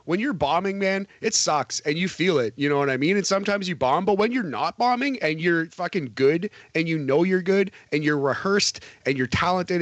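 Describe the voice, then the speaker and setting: A man's voice: a little high, no room sound, muffled recording. A man co-hosting a podcast, talking casually and animatedly about wrestling, swearing and laughing often. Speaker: podcast co-host.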